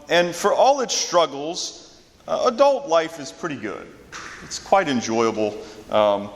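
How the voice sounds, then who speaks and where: A man, a Catholic priest, gives a relaxed homily in a conversational preaching style, often tagging his points with a quick question. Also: medium pitch. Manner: casual preaching with frequent tag "right?". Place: church. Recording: long church reverb.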